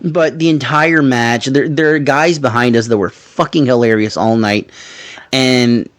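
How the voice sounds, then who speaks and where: A man hosting a podcast in casual chat, telling stories in an animated way and swearing freely. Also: medium pitch, a little slow. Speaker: podcast host.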